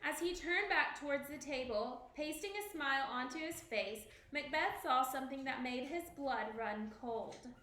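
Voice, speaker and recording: Bright high-voiced woman teacher reading aloud. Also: moderate pace, few pauses, roomy sound. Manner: expressive storyteller, asks questions. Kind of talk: reading a story aloud to a class.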